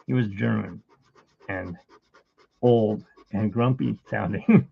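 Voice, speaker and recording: A man's voice: lowish voice, slow, creaky, long pauses, breathy edge. A middle-aged man hosting a live drawing stream, chatting in a rambling, storytelling way, in tinny phone-like livestream audio. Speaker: art livestream host. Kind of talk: casual live drawing chat.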